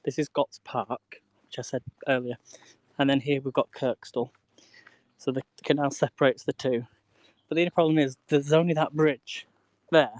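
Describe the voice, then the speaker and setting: A man talks easily to his live-stream viewers as he walks a canal towpath outdoors. His voice sits in an ordinary middle pitch, and he greets people by name and chuckles often. It sounds like a phone held up while he walks. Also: fairly even intonation, normal speed, darkish tone, no room sound. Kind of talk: casual live-stream chat while walking.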